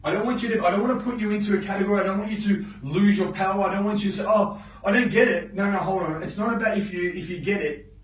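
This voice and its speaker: A man's voice: high voice, steady tone, racing, roomy sound, recorded from a distance, poor audio. A man teaching a live motivational session, preachy and blunt, often checking in with his listeners and swearing for emphasis. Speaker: motivational coach.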